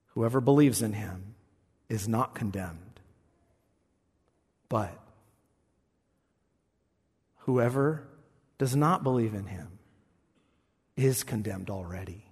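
A man preaching a sermon as pastor, moving from quiet, reflective talk to loud, shouted passages. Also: lowish voice, husky. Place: church. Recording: long reverb in a church hall.

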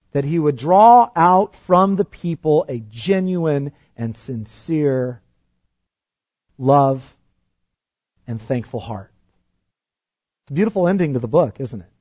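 A high-pitched man delivers an earnest sermon, swelling to emphatic peaks before falling back to a soft, low hush. The recording sounds dull and lo-fi. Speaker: preacher.

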